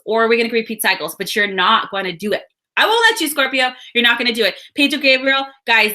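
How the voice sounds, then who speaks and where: A woman's voice: on the high side, bright, forceful tone. A woman giving a casual, upbeat weekly horoscope and card reading, chatting straight to her viewers. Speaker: astrology and card reader.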